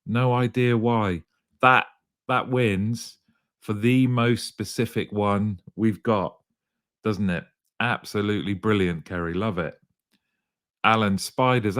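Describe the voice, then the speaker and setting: Brief: male live-show host, upbeat and jokey, slightly croaky, lowish voice, dry close sound. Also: slow, a bit bright, no echo. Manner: upbeat, greets viewers by name, jokey. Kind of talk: live show chat reading comments.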